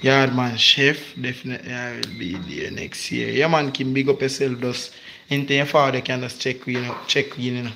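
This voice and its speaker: A man's voice: medium pitch, brisk. A man with a Jamaican accent chatting casually in laid-back patois as a livestream host. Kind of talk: casual chat. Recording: noisy background.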